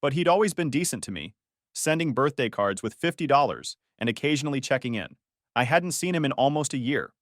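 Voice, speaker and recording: A young man narrating a first-person story in an even, reflective way. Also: medium pitch, a little fast, no echo, studio quality.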